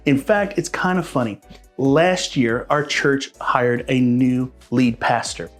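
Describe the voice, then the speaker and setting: A man's voice: mid-range voice, takes it slowly, faint music behind. Chatty man giving local advice. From Pennsylvania. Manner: friendly, chatty, addresses viewers as guys. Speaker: realtor and local vlogger. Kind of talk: casual advice vlog to camera.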